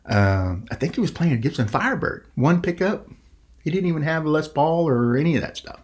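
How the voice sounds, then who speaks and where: A middle-aged man hosting a podcast, telling a story in a rambling, animated way and acting out the quoted voices. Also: on the high side, fairly quick. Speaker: podcast host. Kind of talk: casual storytelling.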